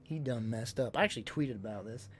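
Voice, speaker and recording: A livestreamer casually tells stories to his chat, animated and loudly acting out what people said. He talks fast at a medium pitch over soft background music.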